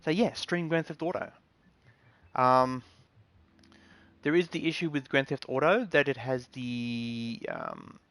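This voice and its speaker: A man's voice: medium pitch, a bit bright, no room sound. A man streaming games, chatting casually and giving earnest advice to viewers with lots of ums and restarts. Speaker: game streamer. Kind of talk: casual live-stream talk.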